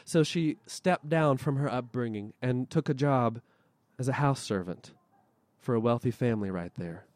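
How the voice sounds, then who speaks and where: A male storyteller telling a folk tale live at a festival, lively and expressive, with dramatic pauses. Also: medium pitch, no echo.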